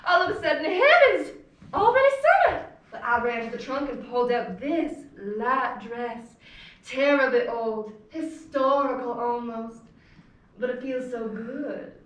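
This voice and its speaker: A woman's voice: on the high side, animated, measured pace, a bit bright, highs cut off. A young woman acting a middle-aged Southern belle mother who chatters in a flowery, gushing way, recorded from far off in an echoey room. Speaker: student actor. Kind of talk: stage play scene.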